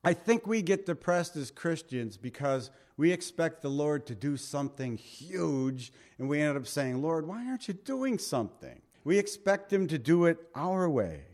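Animated preaching man, higher voice. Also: unhurried, hardly any pauses. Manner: animated preaching, swinging from loud to hushed. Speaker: pastor. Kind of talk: sermon.

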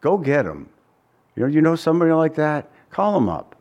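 Animated man preaching a sermon. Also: on the high side, fairly quick, dull audio. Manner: animated, asks the congregation many rhetorical questions; reads scripture in old-fashioned wording. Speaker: pastor.

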